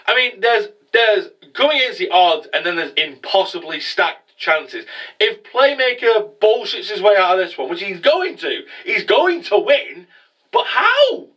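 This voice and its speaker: A man's voice: high-pitched, very animated, normal speed, sharp tone, far from the mic, poor audio. A man casually recapping an anime episode as a reviewer, rambling with lots of swearing and fillers. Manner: rambling, profane, many fillers.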